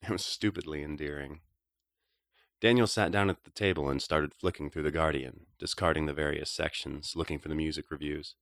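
A man reading a novel aloud in a quiet, reflective, measured way. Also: very deep voice, fairly even intonation, no room sound, studio quality. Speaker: audiobook narrator. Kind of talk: scripted narration of a novel.

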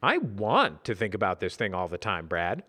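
A man's voice: sits high, sing-song, normal speed, a bit bright, pitched above the performer's own voice. A man voicing an earnest, formal young office worker. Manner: precise, earnest, slightly grand.

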